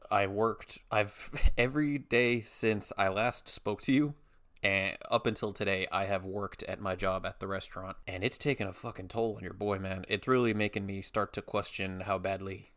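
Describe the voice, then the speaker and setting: A man's voice: fairly low pitch, fairly even intonation, normal speed, a bit bright. A young man hosting a casual solo podcast, rambling and self-mocking, swearing and slangy, tired after a migraine. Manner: rambling, self-mocking, acts out others in quoted voices. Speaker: podcast host.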